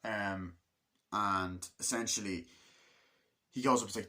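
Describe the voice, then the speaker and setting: A man's voice: fairly low pitch, steady tone, normal speed, pauses often, sharp tone. Rambling, foul-mouthed guy recapping a movie. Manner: rambling, heavy swearing, acts out scenes. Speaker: movie reviewer. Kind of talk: casual movie review.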